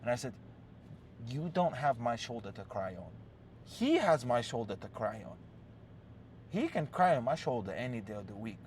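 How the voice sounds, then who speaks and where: A man's voice: mid-range voice, very animated, normal speed, long pauses, a little mellow, a little hiss or hum. A man hosting a relationship-advice talk, telling a story in a blunt, profane, casual way and often checking in with "yes?" and "right?".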